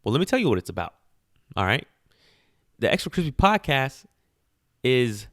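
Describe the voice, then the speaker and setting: A man's voice: medium pitch, very animated, moderate pace, pauses often, a bit bright, no echo, clean studio sound. A man hosting his own podcast, speaking in a casual, opinionated monologue full of rhetorical questions and self-amused laughs. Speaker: podcast host.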